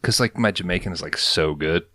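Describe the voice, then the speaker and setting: A man hosting a podcast, recapping an episode in an animated, casual storytelling way with a lot of swearing. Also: deep voice, a little fast. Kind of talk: casual chat.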